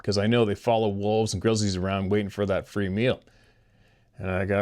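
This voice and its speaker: A man's voice: on the low side, little pitch movement, a little fast, darkish tone. A man hosting a show, telling odd personal stories in a rambling way and chuckling as he talks to his listeners. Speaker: host reading listener stories. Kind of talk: casual storytelling.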